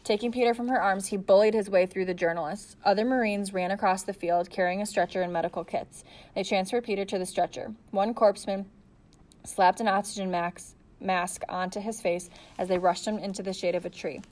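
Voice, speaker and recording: A woman narrating a novel with steady storytelling. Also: mid-range voice, brisk. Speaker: audiobook narrator. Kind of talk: audiobook narration.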